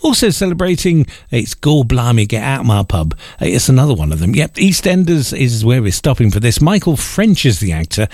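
A man's voice: medium pitch, big pitch swings, fairly quick, few pauses, a little mellow, no room sound, clean studio sound. A male radio presenter reading out a birthday roundup in a chatty way, adding wry asides.

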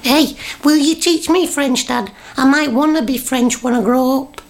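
A woman's voice: high-pitched, normal speed. A woman voicing a cheeky, inquisitive young boy in a radio comedy drama, pestering his parents with eager questions.

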